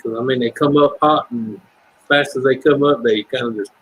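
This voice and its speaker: A middle-aged man from Ohio with a Southern US accent joins a livestream as a chat guest, talking casually and rambling, swearing freely, trailing off, and breaking into lines of song. His voice is medium-pitched, steady, fairly bright, and slightly rough, at a normal speed. The recording is rough.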